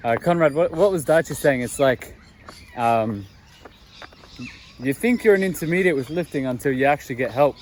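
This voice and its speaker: A young man, a fitness coach, chatting casually to camera in a relaxed, rambling way with plenty of fillers. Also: medium pitch, normal speed, long pauses, slight background noise. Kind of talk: casual vlog talk to camera.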